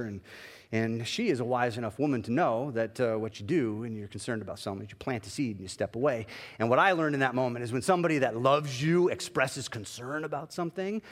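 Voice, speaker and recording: A man's voice: mid-range voice, long reverb tail. A male pastor preaching a sermon in a conversational, self-deprecating storytelling way.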